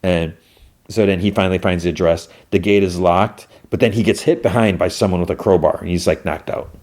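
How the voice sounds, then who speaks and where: A man with a lowish, dark, mellow voice talks through an episode for his podcast. He tells it loosely, full of "like" and half-acted quotes, in an easygoing conversational way. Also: fairly even intonation, a little fast. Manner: retells scenes with loose quoted lines, many "like" fillers. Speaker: podcast host. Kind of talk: casual episode recap.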